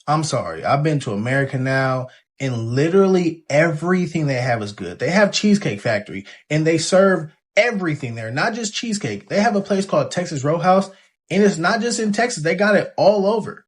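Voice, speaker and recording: A young British man, played by a man, who is apologetic but gushing about food he found abroad. His voice is fairly high and very animated in pitch. The delivery is comedy-sketch style. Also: brisk, lightly acted.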